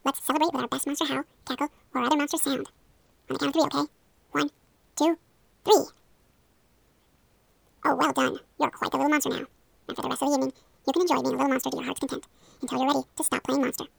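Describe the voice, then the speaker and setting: A woman's voice: high voice, little pitch movement, quick pace, creaky, pauses often, no echo. A young woman leading a playful hypnosis role-play, coaxing and encouraging the listener. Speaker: hypnosis guide.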